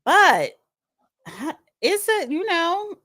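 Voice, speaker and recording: A woman's voice: very high voice, very animated, extremely slow, bright, forceful tone, dry recording, clean studio sound. A woman hosting a casual solo commentary. She chats and reads news articles aloud, adding opinionated asides. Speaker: political commentary host.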